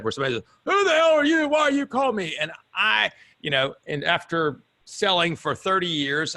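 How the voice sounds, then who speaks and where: A man's voice: medium pitch, sharp tone. A man in his fifties hosting an interview, blunt and casually swearing. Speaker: host.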